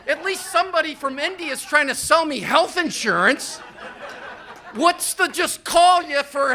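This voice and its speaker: A man's voice: very high-pitched, animated, a little slow, bright, forceful tone. A man in his fifties doing a rambling, profane, self-deprecating stand-up set on a live comedy stage. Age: 50s.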